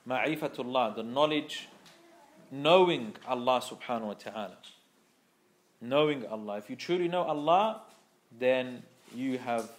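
A man teaching a scripture class, explaining patiently, repeating key phrases, and carefully pronouncing Arabic terms. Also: mid-range voice. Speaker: Islamic teacher.

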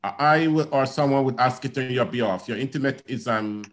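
Man as meeting chair, mid-pitched, hesitant, long questions on a video call. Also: low-quality recording. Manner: halting, many ums, long questions. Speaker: committee chair. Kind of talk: chairing an online council meeting.

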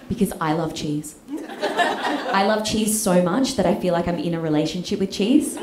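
A young Australian woman telling a comic story on stage, animated and swearing, often asking the crowd "right?". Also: on the low side, slow, long pauses. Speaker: stand-up comedian. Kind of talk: live stand-up storytelling. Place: live comedy stage with audience. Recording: echoey live room with noise.

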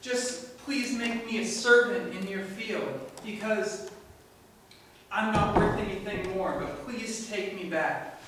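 A man's voice: high-pitched, slow, recorded from a distance, background noise. A man preacher voicing a desperate young son who pleads to return home, in an echoey room away from the mic. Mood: pleading. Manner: pleading, self-reproaching.

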